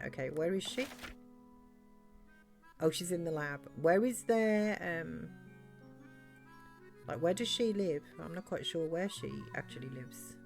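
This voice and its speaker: A woman with a fairly low, slightly mellow voice plays a cozy farming game on stream. She thinks aloud in a rambling way, filling her casual commentary with ums and likes.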